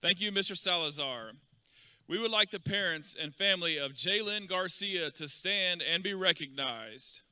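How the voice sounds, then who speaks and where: A man announcing award presentations at a graduation ceremony in a measured, formal way. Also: sits high, expressive, bright, forceful tone, clean tone.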